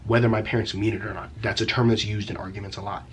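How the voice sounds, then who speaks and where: A man's voice: on the low side, little pitch movement, quick pace, fairly bright tone, slight background noise. A young man telling a story from his teen years in a casual vlog, rambling and profane, packed with slang fillers. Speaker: vlogger.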